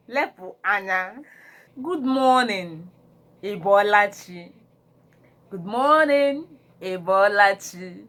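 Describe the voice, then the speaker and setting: A woman teaching phrases, repeating each one in English and Igbo, animated when acting them out. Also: medium pitch. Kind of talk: slow phrase-by-phrase language lesson.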